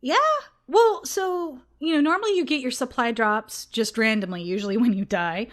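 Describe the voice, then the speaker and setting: A young woman co-hosting a casual gaming podcast, chatty and quick to laugh. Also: on the high side. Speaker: podcast co-host.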